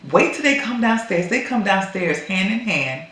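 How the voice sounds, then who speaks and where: Animated woman recapping a movie, echoey room. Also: medium pitch, moderate pace. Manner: animated storytelling, acts out characters' lines. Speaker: movie reviewer.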